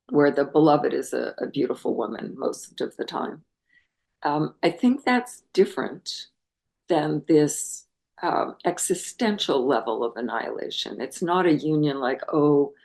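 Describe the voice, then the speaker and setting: Older woman, low and measured, reflective interview guest. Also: vocal fry, a little mellow. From United States. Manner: reflective, searching for words, many restarts. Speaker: guest, translator of Persian poetry. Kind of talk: thoughtful interview conversation.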